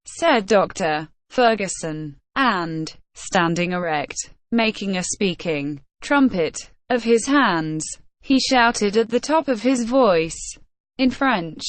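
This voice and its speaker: A woman narrating a classic novel in a steady, even reading voice. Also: medium pitch, slow pace, no room sound. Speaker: audiobook narrator. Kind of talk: scripted narration.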